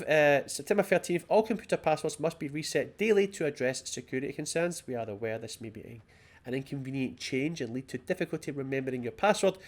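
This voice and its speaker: A Scottish man commenting on gameplay, chatty and excitable, often reading in-game documents aloud. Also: on the high side. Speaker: let's play host.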